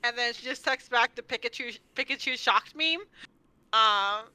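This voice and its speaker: A woman runs a tabletop game as game master, narrating scenes and teasing her players playfully. Her voice is very bright and sits a little high. The sound is dry and close. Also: moderate pace, smooth, no room sound, low-quality recording.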